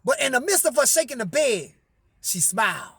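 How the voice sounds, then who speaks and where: A man's voice: extremely high pitch, very animated, normal speed, gravelly, sharp tone, slightly rough, no room sound. A man telling a personal story in a profane, emphatic way, framing each quote with "I say". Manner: repeats "I say" to frame quotes, emphatic.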